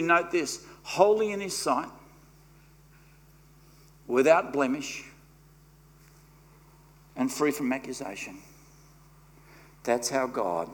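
A man preaching a sermon as pastor, emphatic and swinging between quiet and loud, leading the congregation in repeating lines. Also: medium pitch. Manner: leads the congregation in call-and-response.

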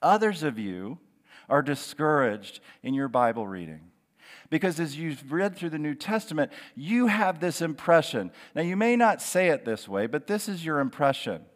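A man preaching a sermon as pastor, earnest and encouraging, stressing key words with slow drawn-out phrases. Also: fairly high pitch, sing-song. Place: church sanctuary. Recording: long hall reverb.

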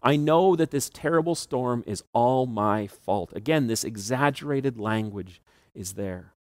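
A man preaching a sermon in a chatty storytelling manner, breaking into small laughs as he retells the tale. His voice sits at an ordinary middle pitch. The sound is dry and close, with almost no room echo. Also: expressive, a little slow. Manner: conversational storytelling with asides and laughs. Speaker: pastor.

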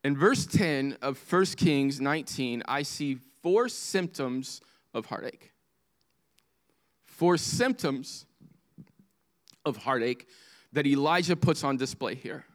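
A man preaching a sermon as pastor, swinging from impassioned highs to hushed lows. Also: lively intonation, slow, pauses often.

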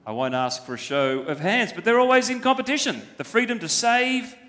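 A man with a high voice delivers a sermon, pressing his points emphatically and asking rhetorical questions. His voice rings with a long reverb that fills the church hall around him. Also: expressive, brisk, fairly bright tone. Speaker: pastor.

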